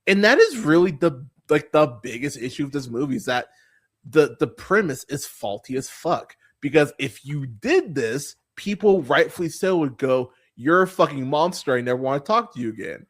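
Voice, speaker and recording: A man's voice: fairly high pitch, expressive, moderate pace. A man hosting a movie podcast, ranting casually about a bad film, swearing often and stumbling through fillers and restarts. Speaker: podcast host. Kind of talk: casual movie review rant.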